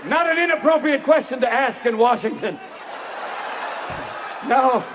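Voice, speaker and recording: A man doing stand-up comedy, crude and animated, with a high voice that jumps around a lot. The recording carries the long echo of a live hall. A loud crowd and room noise sit behind him. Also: brisk.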